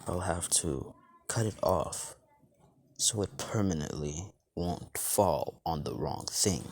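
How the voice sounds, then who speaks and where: A man voicing a menacing young male hero turned sinister, with a hushed, breathy near-whisper and slow, taunting delivery. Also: low voice, full character voice. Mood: threatening.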